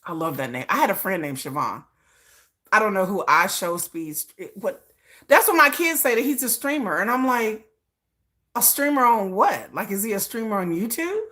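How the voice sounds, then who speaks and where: A woman's voice: mid-range voice, expressive, normal speed, bright, forceful tone. A middle-aged woman hosting a casual livestream, chatting bluntly with viewers, swearing freely and laughing often. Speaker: livestream host.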